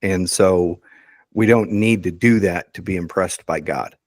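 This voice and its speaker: A man with a low voice speaks in a casual podcast discussion, measured and reassuring, with ums between his points. The recording is close and dry. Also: no room sound. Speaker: podcast co-host.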